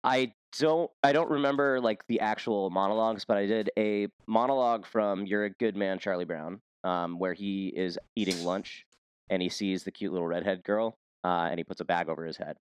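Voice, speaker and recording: A man with a fairly low voice chats casually on a podcast. He rambles through his stories with lots of filler words. The sound is dry and close, with almost no room echo. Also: moderate pace, clean tone. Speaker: podcast co-host. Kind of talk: casual chat.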